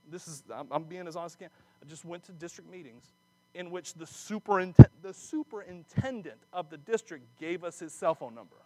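Guy preaching, slightly high voice, keeps restarting sentences, joking around, dry close sound. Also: dry recording. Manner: animated, self-interrupting, jokey asides. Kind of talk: sermon with personal stories.

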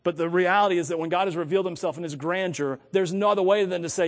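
An American man preaches with a high, lively voice, thinking out loud and often catching and correcting himself. His delivery is animated, and a long hall reverb trails every phrase. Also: a little fast, few pauses. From United States. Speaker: pastor. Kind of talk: sermon.

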